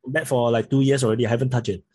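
A man's voice: medium pitch, steady tone, darkish tone, breathy edge. A man from Singapore with a Singaporean accent, a podcast guest chatting casually and often stumbling over the first words of a sentence. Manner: halting, repeats words when starting sentences. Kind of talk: casual interview chat.

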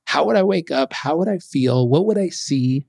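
A man telling a personal story as an interview guest, animated and acting out what others said. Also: a little high, normal speed, gravelly, dry recording, clean studio sound.

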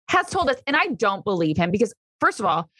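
Woman, podcast co-host, emphatic mock outrage, lively pitch, dry sound. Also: fairly quick, husky, no echo. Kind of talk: casual chat.

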